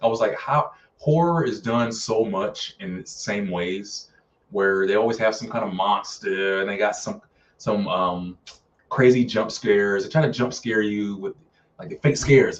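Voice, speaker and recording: A man's voice: fairly low pitch, moderate pace, distant mic, highs cut off. A man reviewing films in a casual live stream, chatty and full of fillers, often acting out characters' lines. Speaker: film reviewer.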